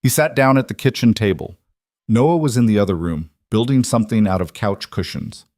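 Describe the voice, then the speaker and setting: A man narrating a scripted story in a steady, unhurried way. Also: fairly low pitch, no room sound, clean studio sound.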